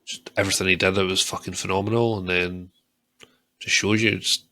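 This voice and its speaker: A man co-hosting a podcast, chatting in a relaxed, sweary way. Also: low-pitched, a little fast. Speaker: podcast co-host. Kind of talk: casual chat.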